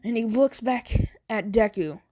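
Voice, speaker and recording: A woman's voice: a little high, measured pace, warm tone. A woman improvising a fan story aloud, hesitant and stammering with many fillers.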